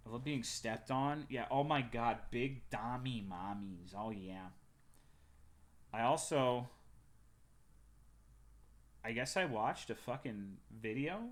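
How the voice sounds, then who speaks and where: A young man from Texas, a livestreamer chatting casually with his viewers in a loose, profane and joking way. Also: mid-range voice.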